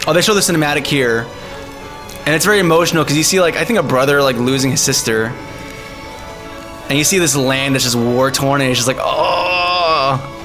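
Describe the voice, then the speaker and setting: A man streaming live, chatting casually and excitedly, laughing often and using lots of slang. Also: medium pitch, fairly quick, pauses often. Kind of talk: casual live-stream chat over music. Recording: music playing faintly behind.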